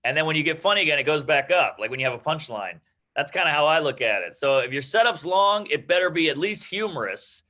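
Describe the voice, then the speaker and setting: A man with a bright, forceful voice that sits a little high for a man. He talks brash and quick, swearing freely and mocking himself as he gives stand-up advice to a class. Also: lively intonation. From New York. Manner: brash, rapid, profane and self-mocking. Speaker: guest comedian. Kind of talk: casual advice in an online comedy class.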